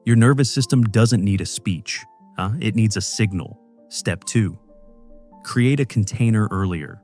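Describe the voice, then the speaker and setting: A man giving scripted psychology narration as a channel narrator, in a calm, measured and reassuring way. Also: lowish voice, soft background music.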